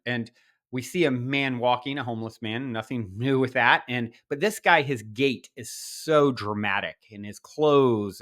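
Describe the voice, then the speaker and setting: A middle-aged man, a podcast guest, telling personal stories in an animated way, with many restarts and quoted asides. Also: mid-range voice. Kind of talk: storytelling in conversation.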